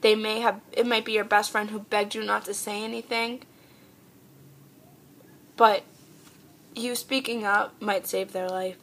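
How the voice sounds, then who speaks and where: A woman's voice: medium pitch, level tone, measured pace, long pauses, a bit bright. A young woman talking earnestly and heartfelt in a personal vlog, pleading with her viewers. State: tearful. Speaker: vlogger.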